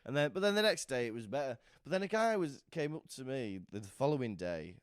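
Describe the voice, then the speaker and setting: Lively-pitched man telling a story. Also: a little fast, clear, resonant tone, no echo, studio quality. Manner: animated storytelling, acting out other people's lines. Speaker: podcast co-host. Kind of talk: casual chat.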